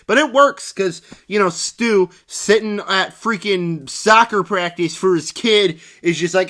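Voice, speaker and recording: A young man with a high, bright voice rants through a spoiler movie review. He is animated and sarcastic and keeps jumping into mocking voices for the characters. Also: measured pace.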